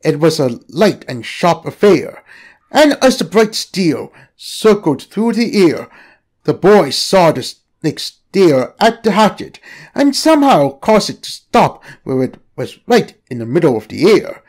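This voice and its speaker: A man reading a story aloud as narrator, in an expressive storytelling manner. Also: on the high side, measured pace. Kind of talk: scripted narration.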